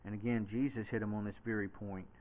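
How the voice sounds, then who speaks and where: A man with a Southern US accent preaching a sermon as a pastor, reading scripture aloud slowly and swinging from soft, low delivery to loud, emphatic preaching. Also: level tone.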